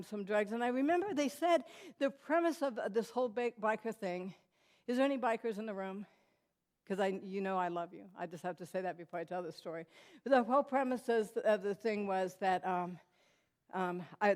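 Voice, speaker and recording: A woman giving a personal testimony to a church audience, telling her story lively, acting out what people said and turning to the room with asides. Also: medium pitch. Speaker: guest speaker. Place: church hall.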